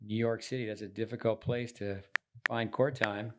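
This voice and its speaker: A man's voice: fairly low pitch, steady tone, moderate pace, heavy background noise. A man hosting a casual tennis podcast from a resort, chatty and rambling. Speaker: podcast host.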